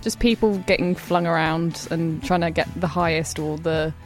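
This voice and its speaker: A woman's voice: sits low, fairly even intonation, moderate pace, vocal fry, soft background music. A young woman on work experience reviewing a TV show on radio, hesitant and a bit giggly. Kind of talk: casual radio chat.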